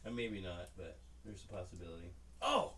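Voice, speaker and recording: A man's voice: mid-range voice, lively intonation, moderate pace, background noise. A man co-hosting a podcast, telling casual rambling stories full of swearing and acted-out dialogue. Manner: profane, rambling, acts out quoted dialogue. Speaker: podcast co-host. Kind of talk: casual storytelling chat.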